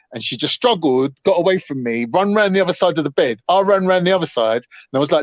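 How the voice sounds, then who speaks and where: A man's voice: on the high side, expressive, fast, few pauses, dry recording. Swearing man telling a story. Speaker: panel host. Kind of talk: casual storytelling on a live panel. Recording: dull, dry online stream audio.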